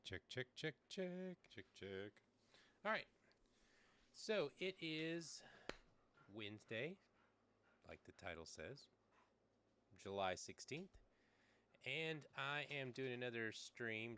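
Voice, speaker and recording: A man's voice: fairly low pitch, a little hiss or hum. A middle-aged man streaming from a small shed, chatting casually and rambling through his setup with plenty of fillers. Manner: rambling, relaxed, thinks aloud with fillers. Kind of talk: casual live-stream chat. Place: small backyard shed with air conditioner running. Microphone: desk microphone, sometimes leaning away.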